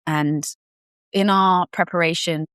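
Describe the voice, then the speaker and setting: Podcast guest: young woman, low-pitched, dry close sound, candid and animated storyteller who slips into quoted voices. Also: slow, no room sound. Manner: animated storyteller who acts out what people said; candid, casual, occasional swearing. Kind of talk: personal birth story told in conversation.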